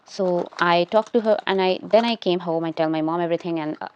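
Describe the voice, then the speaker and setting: A young woman talks straight to her camera at home in a casual storytime, rambling on and restarting sentences as she fills in her eyebrows. Her voice sits a little low and sounds smooth and clear. The recording is a touch dull and lo-fi. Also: fairly quick. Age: young adult. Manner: rambling, many restarts, does her makeup while talking. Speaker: vlogger telling a story.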